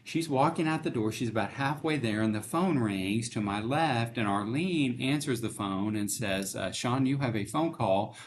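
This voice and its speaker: Middle-aged man, interview guest, earnest storyteller, acts out the voices, mid pitch, faint room noise. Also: moderate pace, few pauses. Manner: earnest storytelling, emotional, acts out quoted dialogue. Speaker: bank CEO, guest. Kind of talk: conversational testimony in an interview.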